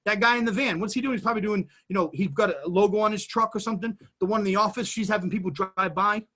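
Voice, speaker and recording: A man talking as a guest in a casual chat, explaining business in an animated way and jumping between everyday examples. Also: high voice, fast talker.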